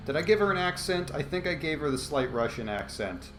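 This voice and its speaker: Man, casual let's play chatter, animated, desk mic, echoey room. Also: mid-range voice, brisk, few pauses. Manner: chatty, excitable, laughs a lot. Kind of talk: casual gameplay commentary. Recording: roomy echo, faint game music.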